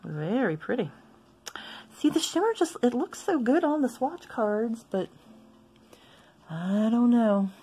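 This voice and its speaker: A woman chatting casually as she swatches inks for her video, rambling into asides and gently poking fun at herself. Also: fairly high pitch, very animated, slow pace, pauses often, a little hiss or hum. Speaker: stationery vlogger.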